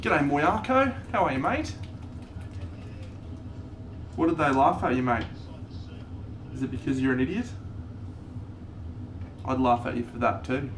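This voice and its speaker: A man talks in a relaxed, unhurried way while greeting viewers on a live stream. His pitch sits in an ordinary middle range. A steady hum of noise runs behind his voice. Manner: greets chat viewers while painting a model, laid-back. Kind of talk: casual live-stream chat.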